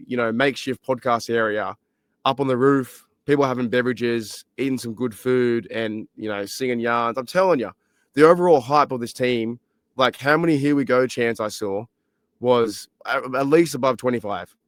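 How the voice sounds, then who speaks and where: A man from Australia with an Australian accent, hosting a casual solo podcast with a hoarse, worn-out voice, rambling excitedly with lots of fillers. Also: mid-range voice, normal speed, dry recording. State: hoarse, lost voice. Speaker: podcast host. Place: library.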